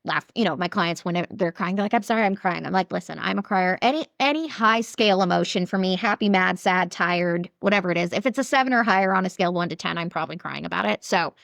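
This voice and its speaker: Woman, coach guest, chatty and conversational, slightly low voice, dry close mic. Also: fast, gravelly, hardly any pauses, a bit bright, no echo. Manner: chatty, many "like" and "right" fillers. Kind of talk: casual interview talk.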